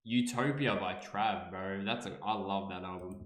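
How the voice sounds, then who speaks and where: A man's voice: low-pitched, fairly even intonation, moderate pace, echoey room. A man streaming live and reacting casually, playful, repeating words over and over and swearing freely.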